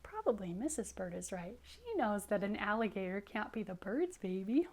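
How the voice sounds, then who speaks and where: A woman teacher reading a picture book aloud to young children, animated, dropping into hushed whispered asides. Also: medium pitch, moderate pace, hardly any pauses.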